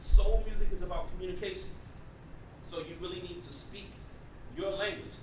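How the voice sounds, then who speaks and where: A man leading a music master class, talking in a lively, playful way and often checking that the room understands. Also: high-pitched, normal speed. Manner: animated, playful, asks the room if they understand. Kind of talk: lively teaching talk to students. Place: lecture hall. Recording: distant mic in a very echoey hall with background noise.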